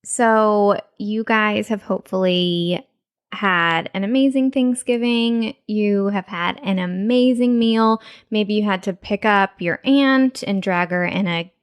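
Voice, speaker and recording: A woman's voice: medium pitch, slow pace, smooth. Bubbly woman co-hosting a podcast. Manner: bubbly, enthusiastic, laughs easily. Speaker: podcast co-host. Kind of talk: casual chat.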